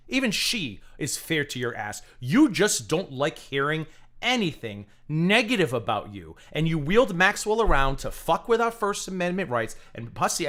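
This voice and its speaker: Animated, bright-voiced ranting man. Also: fairly high pitch. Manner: profane, rapid and sarcastic. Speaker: livestream host. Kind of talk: ranting livestream commentary.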